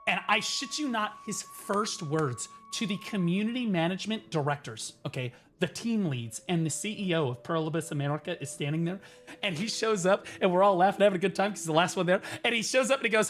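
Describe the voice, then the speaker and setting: A young man telling a story on stream in a profane, excitable way, now and then bursting into shouts. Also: high-pitched, brisk. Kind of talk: animated storytelling rant.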